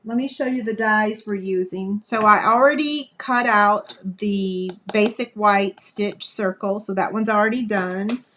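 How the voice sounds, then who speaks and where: A woman's voice: medium pitch, unhurried, few pauses, a bit bright, a little hiss or hum. A woman, hosting a live craft demonstration, chatting folksily with viewers as she works. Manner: chatty, folksy, talks to viewers while working. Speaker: crafting livestream host.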